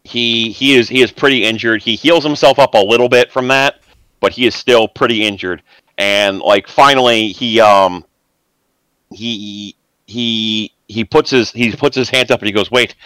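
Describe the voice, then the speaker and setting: A man narrating as game master of a tabletop role-playing game, casual and halting, with many restarts. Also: medium pitch, a bit bright, smooth, no room sound, low-quality recording.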